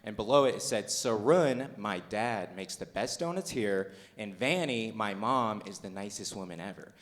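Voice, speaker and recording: A man doing a stand-up comedy set on stage with a handheld mic, loud and hyped, mocking himself and shouting out to the crowd. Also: on the low side, lively intonation, normal speed. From Boulder, Colorado. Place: comedy stage in front of a live audience.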